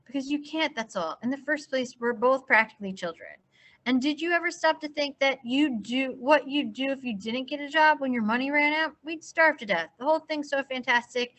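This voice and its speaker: A woman reading aloud as an exasperated teenage girl on a date, scolding with a slightly raised pitch. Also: fairly quick, a bit bright.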